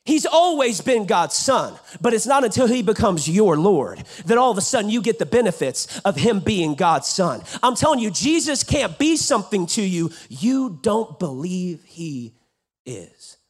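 A man preaching a sermon from West Texas, swinging from loud lines to hushed ones. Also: sits high, big pitch swings, measured pace, breathy edge. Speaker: pastor. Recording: church.

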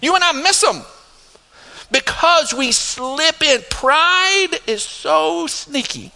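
Bright animated pastor in a reverberant hall. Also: male voice, slow, gravelly, slight background noise. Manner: animated, laughing asides, rising to emphatic highs. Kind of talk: sermon storytelling. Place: church sanctuary.

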